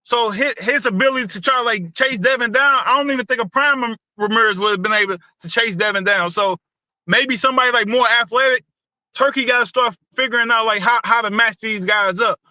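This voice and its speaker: A man's voice: very high-pitched, fairly quick, bright, forceful tone, dry recording, low-quality recording. A man hosting a casual boxing talk show, loose and opinionated, with a lot of slang and repeated words. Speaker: boxing podcast host.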